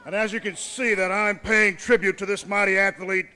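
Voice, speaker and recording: A pompous wrestling manager lays out his demands in a high, bright, commanding voice. He talks down to everyone and builds to shouted threats. The sound has the feel of a 1980s television broadcast. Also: little pitch movement, moderate pace, smooth. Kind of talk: wrestling promo speech.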